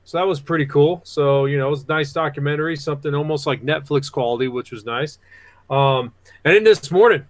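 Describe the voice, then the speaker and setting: A man's voice: fairly high pitch, fairly quick, no room sound. A man co-hosting a podcast, talking casually and hesitantly, searching for words. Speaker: podcast co-host. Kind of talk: casual chat.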